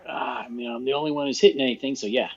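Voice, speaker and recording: A man's voice: medium pitch, very fast. A man playing in an online tabletop game, offhand and hesitant. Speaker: player. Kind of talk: casual chat in a tabletop game. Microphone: video call. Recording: dull lo-fi call audio.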